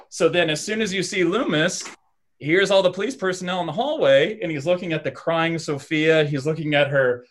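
A man on a podcast pitching a film scene, acting it out with shouted lines and sound effects. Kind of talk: animated story pitch.

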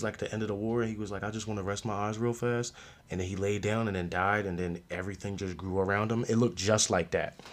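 Slangy young man reviewing a show. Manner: animated, slangy, laughs often, loud jumps in pitch. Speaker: podcast host reviewing a show. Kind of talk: casual solo review chat.

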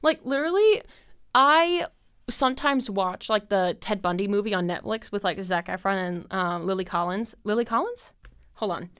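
Smooth-voiced young woman rambling casually. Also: medium pitch, moderate pace, fairly bright tone. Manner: chatty and scattered, heavy with fillers and frequent laughs. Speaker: podcast host.

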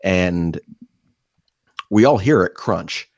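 Deep-voiced young man, swearing storyteller. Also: lively intonation, drawn-out words, gravelly, a little mellow, dry recording, muffled recording. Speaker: podcast co-host. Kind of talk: casual podcast chat.

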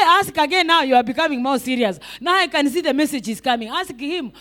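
A woman's voice: sits high, lively intonation, moderate pace, fairly bright tone. A woman evangelist preaching a sermon, repeating rhetorical questions and calling out to the congregation.

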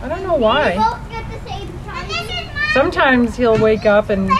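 A woman's voice: on the high side, lively intonation, takes it slowly. A woman in her thirties telling a spooky story in casual chat, acting out quotes as she goes. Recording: loud crowd noise behind.

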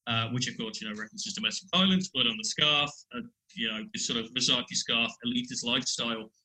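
A man with a bright, clear-toned voice talks through a song on a podcast. He is animated and rambling, circling back and restarting as ideas come to him. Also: mid-range voice, fast, rough recording. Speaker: podcast guest, musician. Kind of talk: casual music discussion.

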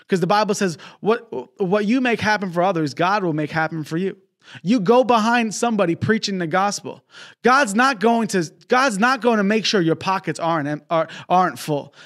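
High-voiced fervent male preacher. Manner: fervent, peppered with exclamations of praise; storytelling with quoted dialogue. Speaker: traveling preacher. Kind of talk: preaching and donation appeal. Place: broadcast.

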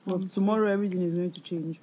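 A woman's voice: lowish voice, fairly even intonation, rapid-fire, mellow, lo-fi sound, slight background noise. A young adult woman co-hosting a podcast, chatting casually and telling stories, acting out what other people said. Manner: storytelling, acts out quoted people. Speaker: podcast co-host. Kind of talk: casual chat.

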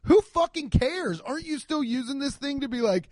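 A man doing a casual comedic rant, profane and excitable, acting out the voices of people he quotes, on a handheld mic. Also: extremely high pitch, moderate pace, dry recording. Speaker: stand-up comedian. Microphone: handheld microphone.

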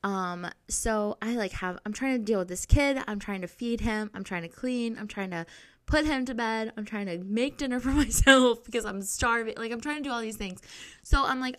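A woman's voice: on the high side, normal speed. A young adult woman hosting a podcast, telling a story in a casual, rambling way, full of filler words and frequent swearing. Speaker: podcast host.

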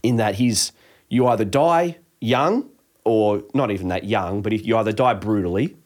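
A man's voice: lowish voice, moderate pace, darkish tone. A man in casual film talk with a friend, swearing freely and acting out lines from the movie.

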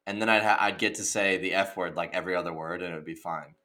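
A man's voice: sits low, fast talker, a loud crowd. A young man from the Midwest, chatting casually and jokingly on a podcast. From American Midwest. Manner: excitable, jokey, says dude a lot.

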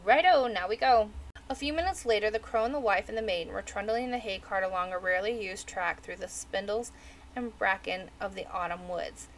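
A woman's voice: mid-range voice, brisk, a little hiss or hum, low-quality recording. Woman reading a novel aloud. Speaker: audiobook reader. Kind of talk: storybook narration.

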